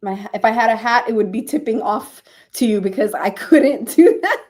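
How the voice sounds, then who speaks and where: A woman's voice: on the high side, animated, normal speed, darkish tone. A sleepy woman hosting a live stream, chatting casually with viewers, thinking aloud and laughing often. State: sleepy, yawning. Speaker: streamer hosting reading sprints.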